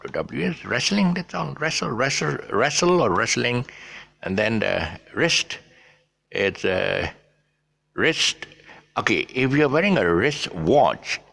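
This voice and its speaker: Man, low husky voice, relaxed halting teacher who spells words out. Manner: halting, frequent fillers, spells words out letter by letter. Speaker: teacher of English pronunciation. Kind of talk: casual spoken lesson.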